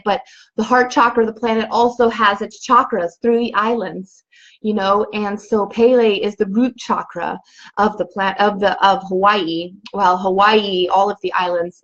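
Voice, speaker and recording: A woman's voice: mid-range voice, fairly even intonation, moderate pace, a bit bright, lo-fi sound. A young woman telling a personal spiritual story in a dreamy, rambling way, full of "you know" and "like". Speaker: vlogger.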